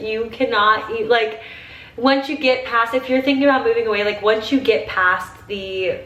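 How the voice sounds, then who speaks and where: A woman's voice: medium pitch, fairly bright tone. A young woman from Ohio in her twenties chatting casually while getting ready, emotional and full of "like.". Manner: chatty, emotional, tearful at times, heavy use of "like". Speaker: vlogger. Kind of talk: casual get-ready-with-me chat. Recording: roomy, slightly distant home audio with faint ambience.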